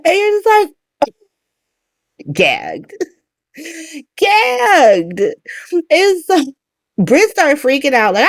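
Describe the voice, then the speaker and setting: A woman recaps a soap opera in animated slang and laughs her way through it. Her pitch jumps all over, and the close mic sounds dry. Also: slow pace, long pauses, no room sound. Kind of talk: casual recap chat.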